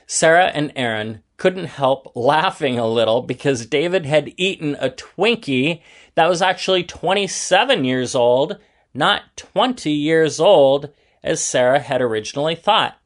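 A man narrating a children's story aloud in a gentle, even storytelling manner. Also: mid-range voice, measured pace.

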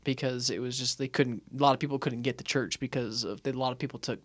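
A man's voice: mid-range voice, steady tone, quick pace, no echo, studio quality. A man hosting a podcast, chatting casually and rambling through tangents, often restarting his sentences. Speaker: podcast host. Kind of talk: casual interview chat.

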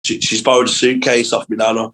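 A young man, a comedian guest on a podcast, telling animated school anecdotes in casual chat with plenty of swearing. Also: mid-range voice, fast talker, a little hiss or hum, rough recording.

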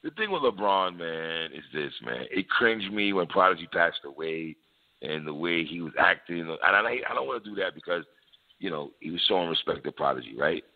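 A man's voice: deep voice, lively intonation, normal speed. A man in casual hip-hop debate chat, laid-back and slangy, who laughs often and repeats his phrases. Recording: tinny phone-like sound.

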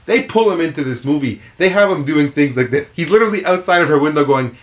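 A man co-hosting a podcast in casual film chat, animated and rambling in long run-on opinions. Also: on the high side, fast talker. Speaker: podcast co-host.

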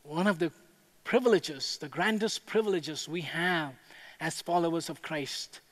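A high-pitched male pastor preaching in a big, echoing hall. He speaks in measured, earnest phrases and rises to fervent, ringing declarations. Every line carries a long reverb tail. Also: a bit bright. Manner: builds to impassioned proclaiming. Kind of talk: sermon.

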